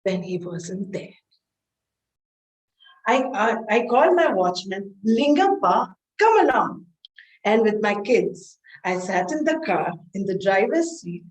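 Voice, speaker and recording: Woman, contest storyteller, high pitch, unhurried; echoey video call from far off the mic. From India. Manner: animated storytelling with quoted dialogue. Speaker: speech contestant. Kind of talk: humorous contest speech. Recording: roomy, distant call audio.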